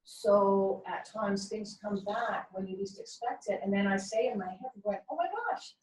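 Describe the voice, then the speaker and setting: A woman's voice: medium pitch, steady tone, moderate pace, a little mellow. A woman in a spiritual discussion group, earnestly asking questions and sharing from the heart. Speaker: group participant. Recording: echoey room, distant mic.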